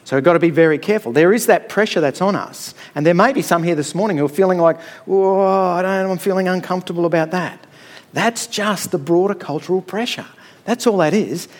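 A man's voice: sits high, lively intonation, fast talker. A middle-aged man preaching a sermon in a conversational, storytelling way, often checking in with "all right?".

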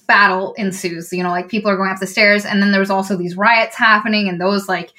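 A woman casually retelling a book's plot on a podcast, animated and swearing freely. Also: mid-range voice, fairly quick, few pauses. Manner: animated retelling with swearing, acting out lines of the characters. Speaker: podcast co-host.

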